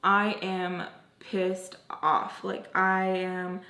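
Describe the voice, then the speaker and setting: Animated young woman telling a story. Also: on the low side, extremely slow. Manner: animated, profane, chatty with many "like" fillers. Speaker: beauty and story-time YouTuber. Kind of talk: casual story-time monologue. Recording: roomy echo.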